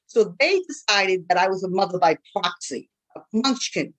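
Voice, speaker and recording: A woman telling her own story at a community panel, fast and animated, acting out what others said to her. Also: mid-range voice, poor audio. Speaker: panel speaker. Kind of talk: personal testimony at a community panel.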